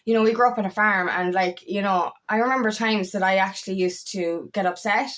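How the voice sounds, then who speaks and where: A woman's voice: mid-range voice, a little fast, fairly bright tone. A woman empowerment coach talking to camera in a heartfelt vlog, rambling and often swearing, her voice catching with emotion. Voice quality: eccentric, quirky talker. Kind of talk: emotional personal vlog monologue.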